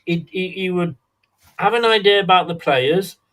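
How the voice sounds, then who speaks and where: A man hosting a casual football fan chat, chatty and quick to laugh at his own jokes. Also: sits high, fairly bright tone. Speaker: fan channel host.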